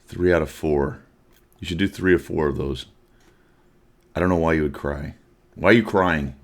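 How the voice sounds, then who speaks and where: A man's voice: rumbling low, a little slow, pauses often, a bit bright. A man hosting a casual gaming podcast, joking and self-mocking and laughing often. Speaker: podcast host. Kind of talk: casual chat.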